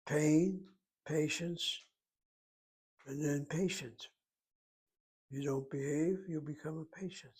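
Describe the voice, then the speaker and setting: Husky man teaching slowly. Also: on the high side, a little mellow, poor audio. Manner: slow, deliberate, spells words out letter by letter. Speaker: Hebrew teacher. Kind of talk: lecture.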